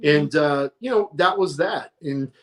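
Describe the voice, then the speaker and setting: A middle-aged man telling his career stories in a casual, animated interview, often quoting other people. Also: on the high side, a little slow. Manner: animated, tells stories with quoted voices. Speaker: guest, monster truck announcer.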